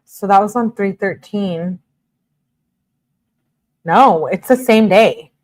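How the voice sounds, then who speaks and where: A woman's voice: mid-range voice, slow pace. A woman streamer reading text messages aloud and chatting casually with her viewers about a court case. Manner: reads messages flatly, breaks off to chat with viewers. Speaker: true-crime streamer reading texts.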